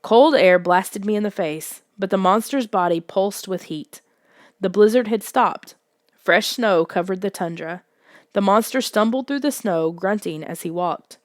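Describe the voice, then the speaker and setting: Woman, audiobook narrator, soft hushed suspense reading, middle pitch, dry close mic. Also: unhurried, dry recording.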